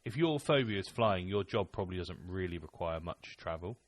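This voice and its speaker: A man's voice: low voice, expressive, a little fast, dry recording. A man co-hosting a casual podcast chat, talking in a dry, blunt, grumbling way. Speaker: podcast co-host.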